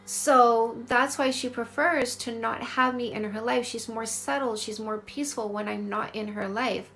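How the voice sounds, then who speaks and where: A woman's voice: fairly high pitch, steady tone, a little slow, a bit bright. A dating coach in her forties from Canada, talking candidly on a livestream, answering viewer comments and repeating her points for emphasis. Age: 40s.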